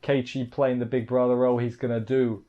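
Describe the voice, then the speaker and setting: Male reviewer, mid pitch, loose self-correcting delivery, dull recording. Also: level tone, brisk, soft background music. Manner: rambling, off-the-cuff, self-correcting. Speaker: anime reviewer. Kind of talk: casual spoken review.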